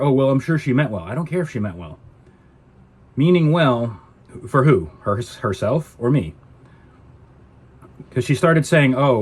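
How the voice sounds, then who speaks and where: A man's voice: medium pitch, husky. A man ranting to camera in a casual vlog, indignant and exasperated. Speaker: vlogger.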